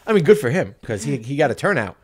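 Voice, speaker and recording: A man's voice: medium pitch, sing-song, fast talker, slightly rough. Joking male podcast host. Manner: jokey, laughs at his own jokes. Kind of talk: casual podcast chat.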